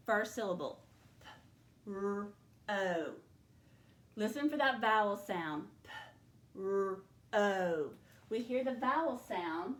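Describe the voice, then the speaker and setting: A woman's voice: mid-range voice, distant mic. A woman teacher leading a spelling dictation lesson, patiently sounding out words letter by letter. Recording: echoey room, voice from the mic.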